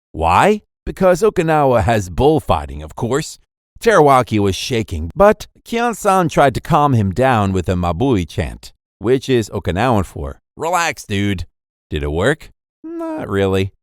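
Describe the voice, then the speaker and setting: A man's voice: lowish voice, dry recording, studio quality. Playful man narrating an anime recap. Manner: playful, jokey asides.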